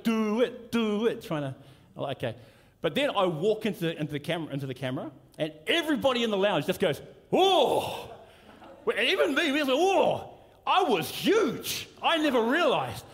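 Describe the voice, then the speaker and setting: Slightly high-voiced middle-aged preacher in reverb. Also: male voice. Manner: conversational, anecdotal preaching with restarts. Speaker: pastor. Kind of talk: sermon. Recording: long hall reverb from church service.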